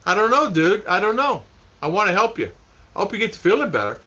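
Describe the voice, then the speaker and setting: A man's voice: sits high, sing-song, fast, bright, forceful tone, faint music behind. A man hosting a casual livestream, chatting with viewers and reading their comments, rambling and repeating himself with frequent laughter. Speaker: vlog host reading live chat. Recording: dull lo-fi stream audio.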